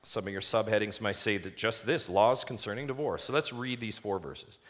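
A male pastor preaching a sermon, reading scripture slowly and putting rhetorical questions to the congregation. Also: on the low side, fairly bright tone. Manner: reads scripture aloud slowly and deliberately.

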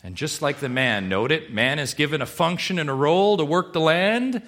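Man preaching a sermon, lively pitch. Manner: swings from hushed and slow to loud and emphatic; asks the congregation rhetorical questions. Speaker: pastor.

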